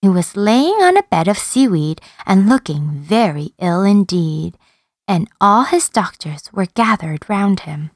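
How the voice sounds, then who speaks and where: Animated woman reading a children's story. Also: mid-range voice, measured pace, faint music behind. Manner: expressive, animated, sing-song narration.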